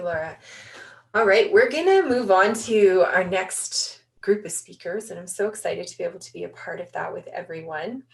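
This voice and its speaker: A woman hosting a spiritual online session, speaking gently and meditatively over a video call. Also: mid-range voice, gravelly. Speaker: session host.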